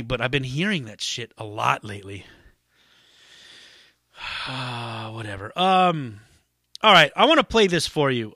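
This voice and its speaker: A man's voice: on the high side, bright, forceful tone, no echo, clean studio sound. A man hosting a solo podcast in a casual, rambling, profane way with lots of fillers. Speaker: podcast host.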